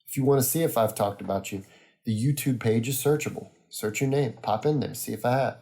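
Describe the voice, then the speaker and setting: A young man hosting a solo podcast, chatting in a rambling, easygoing way with many pauses and fillers. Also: medium pitch, gravelly, warm tone. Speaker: podcast host. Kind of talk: casual solo podcast monologue.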